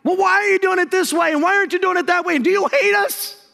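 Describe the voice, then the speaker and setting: A pastor voicing a crowd of complaining Israelites who whine and accuse their leader. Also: male voice, high voice, wildly swooping pitch, measured pace, gravelly, fairly bright tone, breathy edge, big-room sound, exaggerated voice. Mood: whiny. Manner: whining, accusing.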